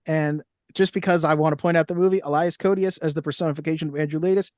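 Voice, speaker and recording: Young guy cohosting a movie podcast, kinda high voice, dry mic, rambles through cast lists. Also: fairly even intonation, quick pace, darkish tone, no room sound. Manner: chatty, reads reviews and cast lists aloud. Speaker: podcast co-host. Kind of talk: casual chat.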